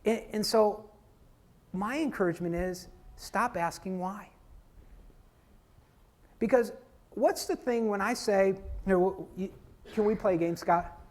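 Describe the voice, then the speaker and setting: A man's voice: high-pitched, measured pace, long pauses. A man from Florida giving a conference keynote talk, telling stories and working the audience with questions. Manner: lively storytelling, works the audience. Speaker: keynote speaker. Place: conference hall.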